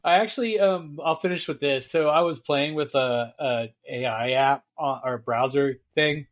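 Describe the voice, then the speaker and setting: A man's voice: on the high side, normal speed. A man co-hosting a casual geek podcast, rambling and laughing often. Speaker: podcast co-host. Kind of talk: casual chat.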